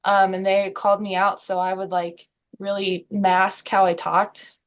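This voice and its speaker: A woman's voice: medium pitch, flat delivery, unhurried. Young Minnesotan woman comedian. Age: young adult. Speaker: comedian guest. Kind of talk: casual comedy podcast chat.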